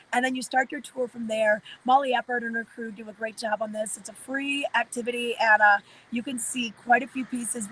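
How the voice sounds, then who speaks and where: Reporting live from outdoors at a park for a local morning show, an upbeat, chatty woman speaks with frequent filler "uh"s. Her voice is fairly high, and the audio is poor.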